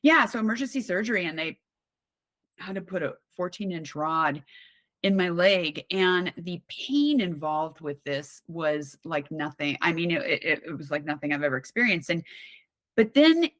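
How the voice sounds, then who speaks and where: A woman on a podcast as a guest, talking in a candid, animated, conversational way with frequent restarts. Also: lowish voice, moderate pace, dry recording. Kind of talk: casual conversational storytelling.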